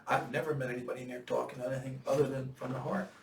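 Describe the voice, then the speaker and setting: A man in his seventies telling war-veteran stories in casual chat, profane and animated. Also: medium pitch, very fast, gravelly, echoey room, distant mic, slight background noise. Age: 70s. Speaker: veteran storyteller.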